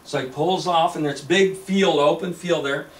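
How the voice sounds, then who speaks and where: A man's voice: on the high side, normal speed. Man telling a rambling story in an echoey room. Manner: rambling, with many fillers and restarts. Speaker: storyteller pitching a screenplay. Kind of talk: casual spoken story retelling. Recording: echoey room, distant mic.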